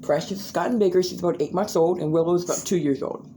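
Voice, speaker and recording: A woman talking casually to a phone camera at home about her pets, chatty and slow. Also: slight background noise. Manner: slow, chatty, scolding pets in sudden high shouts. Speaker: pet owner vlogger. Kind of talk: casual vlog talk to camera.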